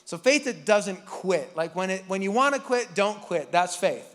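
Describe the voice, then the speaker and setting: A man's voice: sits high, lively intonation, moderate pace, fairly bright tone, in a large hall. A man preaching a casual, joking sermon as pastor, acting out Bible characters with the congregation. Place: church hall.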